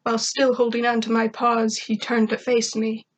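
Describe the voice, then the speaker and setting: A woman reads a fan-written story aloud in steady first-person narration. Her voice sits fairly high, and her delivery stays plain and unhurried. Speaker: reader. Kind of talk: reading fan fiction aloud.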